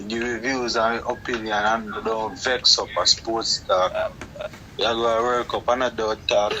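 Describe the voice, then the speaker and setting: A low, flat Jamaican announcer voice, as a host puts it on, booming out show promos at a slow crawl. The tone is bright and pushed, with a faint hiss of noise behind it. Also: male voice, poor audio. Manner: slow, drawn-out promo delivery.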